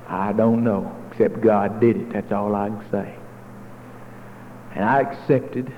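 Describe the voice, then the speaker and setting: A male pastor telling stories in a sermon, folksy with dramatic swings between loud and hushed, recorded in a church hall. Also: medium pitch. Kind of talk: sermon storytelling. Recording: tinny phone-like echoey hall, faint noise.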